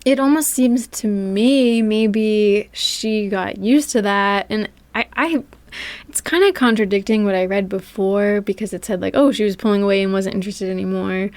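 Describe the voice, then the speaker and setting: A woman's voice: mid-range voice, moderate pace, a little mellow, dry recording. A woman co-hosting a podcast in casual chat, hesitant and laughing often. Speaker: podcast co-host.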